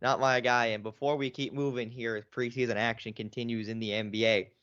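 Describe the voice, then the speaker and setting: A man's voice: on the low side, flat delivery, fairly quick, a bit bright. A man co-hosting a sports podcast in casual chat, rambling and circling back with lots of filler phrases. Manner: rambling, lots of "you know" and restarts. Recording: dull lo-fi podcast audio.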